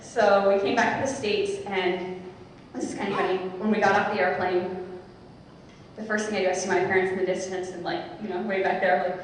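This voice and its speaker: A young woman, a Dominican sister, telling her personal conversion story as an animated storyteller who acts out the voices she quotes. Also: mid-range voice, a little fast, slight background noise. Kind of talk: personal testimony talk. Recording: echoey hall, far from the mic.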